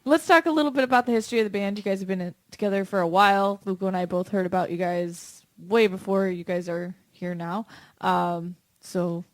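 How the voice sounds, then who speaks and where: A woman hosting a podcast interview, steering the talk with playful, quick-witted remarks. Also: medium pitch, steady tone, no echo. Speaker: podcast host.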